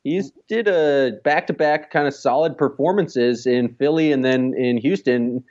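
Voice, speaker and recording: A man's voice: medium pitch, measured pace, a little mellow, dull audio. A man co-hosting a casual sports podcast, rambling and peppering his talk with "like.". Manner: rambling with many "like" fillers. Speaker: podcast co-host.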